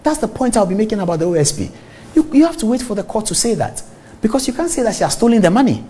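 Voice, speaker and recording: A man's voice: high voice, fast talker, slightly rough. A middle-aged man with a Ghanaian accent, hosting a TV talk show and delivering an emphatic commentary monologue straight to viewers. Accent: Ghanaian English. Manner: emphatic, animated, addresses viewers directly.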